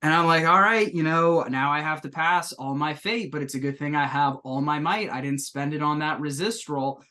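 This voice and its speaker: A man's voice: on the high side, moderate pace, sharp tone. A man in a casual podcast chat, telling a story against himself and laughing often.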